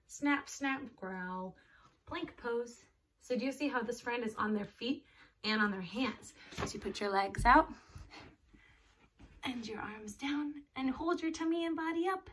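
A woman's voice: a little high, bright, forceful tone. A woman reading a picture book and leading a children's yoga class, encouraging the kids in simple words. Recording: distant mic, faint background noise.

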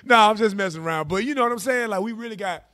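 Animated preacher, high voice, playful. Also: male voice, racing. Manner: animated, playful, calls on readers with "go ahead". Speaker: teacher leading a Bible class. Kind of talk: lively preaching with a call-and-response.

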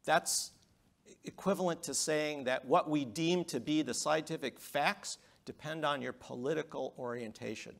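A middle-aged man giving a public lecture, emphatic, with rhetorical questions and swings between loud and quiet. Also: on the high side, normal speed, gravelly. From United States.

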